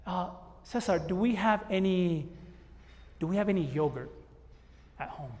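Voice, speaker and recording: A man voicing a calm, patient wife and mother who speaks softly and matter-of-factly, recorded with long hall reverb. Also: sits high, unhurried. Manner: soft, even and matter-of-fact.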